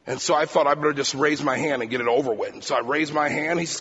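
A male preacher telling a personal story in a sermon, talking fast and animated. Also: on the high side, husky, long reverb tail, lo-fi sound.

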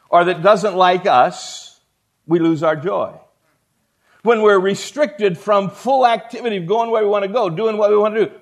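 A male pastor delivers a sermon, folksy and emphatic, speaking straight to the room. His voice sits high for a man.

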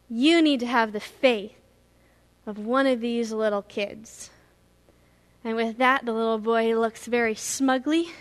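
A woman pastor preaching a sermon, retelling a story in a lively storytelling way. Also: on the high side. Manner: animated storytelling, acting out scenes.

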